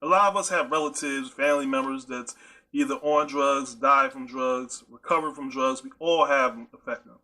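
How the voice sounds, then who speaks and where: A man's voice: medium pitch, normal speed, bright, forceful tone. A man hosting a podcast, speaking in a casual, chatty monologue that addresses his listeners directly and often repeats himself with playful asides. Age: adult with a high-school-age nephew. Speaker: podcast host.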